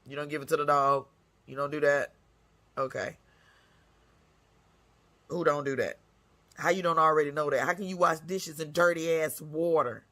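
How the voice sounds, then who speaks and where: A woman's voice: low-pitched, steady tone, normal speed, long pauses, fairly bright tone. A woman hosting her own segment, delivering a blunt, scolding rant full of cursing. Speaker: segment host. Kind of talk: profane ranting monologue.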